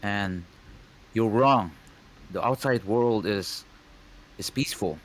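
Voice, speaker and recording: A man's voice: fairly low pitch, slow, a little hiss or hum. Crucible, a man playing a stammering construct. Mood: nervous. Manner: stammering, pleading. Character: nervous male Warforged companion.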